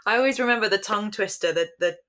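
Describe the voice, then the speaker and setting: A woman's voice: mid-range voice, racing, fairly bright tone. A woman co-hosting a podcast, rephrasing her questions as she goes in casual chat. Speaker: podcast co-host.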